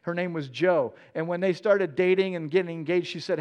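A man preaching a conversational sermon, earnest and animated in his storytelling. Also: sits high, a little fast, clean tone, highs cut off.

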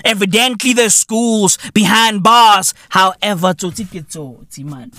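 A man hosting a podcast, ranting in a loud, profane, mocking way. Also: sits high, measured pace, dry recording. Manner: loud, profane, mocking, often breaks into shouts and laughs. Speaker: podcast host. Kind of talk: comedic podcast rant.

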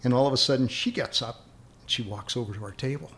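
A man with a rough, gravelly voice spins long anecdotes as an interview guest. He rambles from one memory to the next and chuckles along the way. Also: medium pitch, fast, fairly bright tone. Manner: rambling, chuckling as he recalls stories. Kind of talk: anecdotal storytelling.

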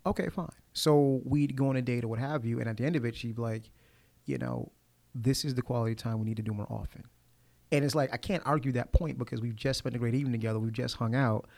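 A man in relaxed conversation, talking with animation, often restarting and acting out the lines of others. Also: mid-range voice, fast talker, creaky. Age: adult, formerly married nine years. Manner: animated, acts out quoted lines; talks over and restarts. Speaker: guest poet. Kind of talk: casual conversation.

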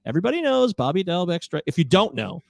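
A man from the American Midwest, co-hosting a casual sports chat, chatty and animated and quick to laugh. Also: sits high, gravelly, dry recording, studio quality. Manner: chatty and animated, laughs often, leads the questions. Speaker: podcast co-host.

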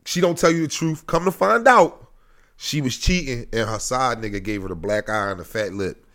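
A young man co-hosting a casual podcast, slangy and animated, acting out scenarios in different voices. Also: mid-range voice, moderate pace. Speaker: podcast co-host.

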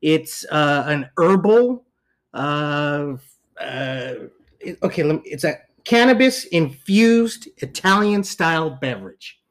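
A man hosting a casual chat show, talking in fast, rambling bursts full of fillers and teasing his co-host. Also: fairly high pitch, animated.

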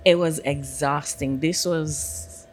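A woman's voice: low voice, steady tone, slow pace. A young adult woman co-hosting a podcast, laid-back and wry in casual chat, often murmuring agreement. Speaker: podcast co-host.

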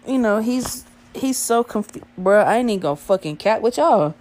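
A woman's voice: on the high side, animated, normal speed, darkish tone. A woman in her twenties telling a casual, profane story with lots of slang.

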